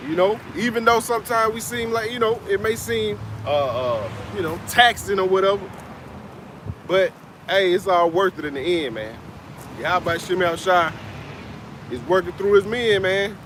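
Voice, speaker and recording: A man with a notably high voice delivers an informal street sermon, talking in a relaxed, chatty way and often tacking on "man." He sounds like he is outdoors in a city, with faint traffic noise in the background. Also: normal speed. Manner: loose, conversational, peppers lines with "man", chuckles. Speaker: street preacher. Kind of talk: casual preaching talk. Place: outdoors in a city, Atlanta area.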